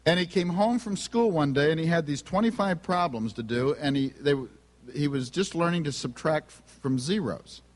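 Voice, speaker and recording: A man's voice: a little high, normal speed. A middle-aged man giving a sermon full of humorous personal stories about his family, acting out their dialogue. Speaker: speaker on family and spiritual gifts. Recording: long reverb of a large hall.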